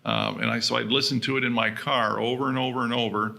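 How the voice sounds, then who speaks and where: A man's voice: medium pitch, steady tone, fast, gravelly, pushed and bright. A man, a co-founder of a mobile home business, speaking matter-of-factly in casual conversation.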